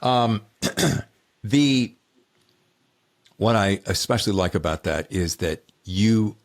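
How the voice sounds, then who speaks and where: A man's voice: lowish voice, slow. A man hosting a podcast, chatting casually and upbeat with his guest and listeners, laughing easily. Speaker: podcast host. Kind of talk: casual interview chat.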